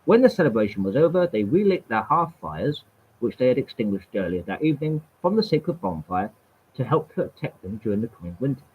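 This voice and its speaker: A man's voice: medium pitch, sing-song, fairly quick, slight background noise. A man reading history aloud from webpages, stumbling and repeating words, with wry casual asides. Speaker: channel host. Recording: tinny phone-like sound.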